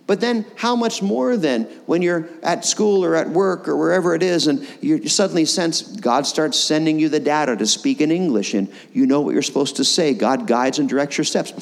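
A man in his fifties from Pennsylvania, preaching a sermon and telling his stories with animated delivery. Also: fairly high pitch. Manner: animated storytelling, acts out his own prayers. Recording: long reverb of a large hall.

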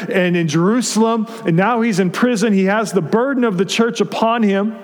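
A man's voice: high voice, in a large hall. A male pastor preaching a conversational sermon to his congregation, often restarting his phrases. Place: church sanctuary.

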